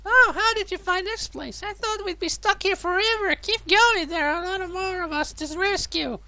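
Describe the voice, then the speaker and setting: A man putting on a high falsetto voice for a grateful rescued hostage in a video game, breathless and relieved. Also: normal speed, creaky, bright, forceful tone, no room sound, full character voice, poor audio.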